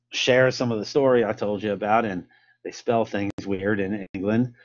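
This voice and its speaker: A man's voice: fairly low pitch, steady tone, moderate pace, lo-fi sound. An American man presenting a casual history lesson, rambling with many filler sounds and restarts.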